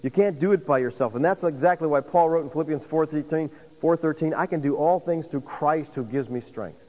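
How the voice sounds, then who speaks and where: A man's voice: on the high side, fairly quick, a little mellow. A man preaching a sermon as pastor, calling his listeners "folks" and building to emphatic points. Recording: dull sound with long hall reverb.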